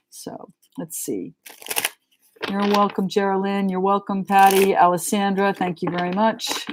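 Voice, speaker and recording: A woman's voice: mid-range voice, background noise. Chatty New England woman reading tarot. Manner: chatty, frank and joking. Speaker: tarot reader.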